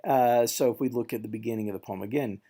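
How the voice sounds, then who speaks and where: Male instructor, mellow voice, relaxed recorded lecture, thinking aloud with fillers. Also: mid-range voice, fast. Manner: relaxed, thinking aloud with fillers, taps out rhythms with nonsense syllables. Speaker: literature instructor.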